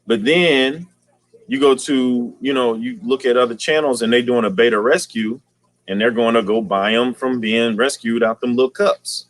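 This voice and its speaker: A man's voice: mid-range voice, moderate pace, no room sound. A man hosting a casual aquarium livestream, talking in slang and greeting viewers by name.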